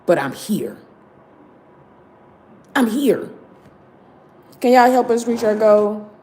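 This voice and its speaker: A woman hosting a live stream, lying down in pain, speaking slowly and emphatically to her viewers. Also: a little high, lively intonation, warm tone. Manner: slow and emphatic, hyping viewers to like. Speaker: show host.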